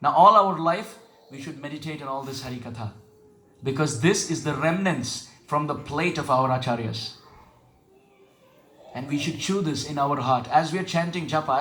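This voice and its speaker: A man giving a devotional sermon who questions his listeners and chants verses slowly. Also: fairly high pitch, fairly bright tone, echoey room. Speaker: spiritual teacher. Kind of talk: devotional sermon with call and response.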